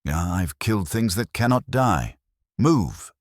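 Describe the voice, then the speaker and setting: A man voicing a brutal, stern Spartan warrior who talks in curt, flat commands. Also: on the low side, slow pace, no room sound, clean studio sound, voice pushed up, exaggerated voice. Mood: cold, menacing.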